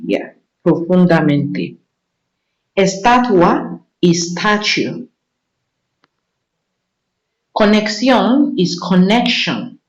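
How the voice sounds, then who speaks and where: A woman teaching a vocabulary lesson, patiently repeating words for learners. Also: mid-range voice. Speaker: Spanish teacher. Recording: echoey room, dull lo-fi sound.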